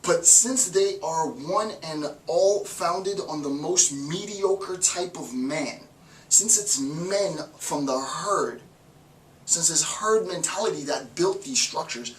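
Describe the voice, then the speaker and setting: A male professor giving an emphatic, animated philosophy lecture, repeating lines for effect. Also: on the high side, takes it slowly. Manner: emphatic, repetitive, animated, with laughs. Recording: roomy, distant mic, faint noise.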